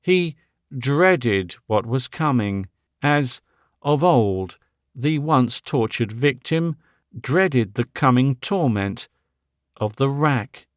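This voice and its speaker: A man narrating a Victorian novel as an audiobook, measured and dramatic. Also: medium pitch, animated, no echo, studio quality.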